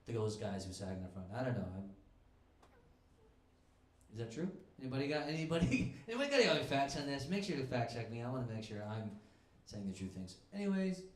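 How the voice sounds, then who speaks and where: A man doing a stand-up set in a comedy club, talking in a rambling, halting way into a handheld mic. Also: medium pitch, expressive. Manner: rambling, halting, self-interrupting. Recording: echoey club room.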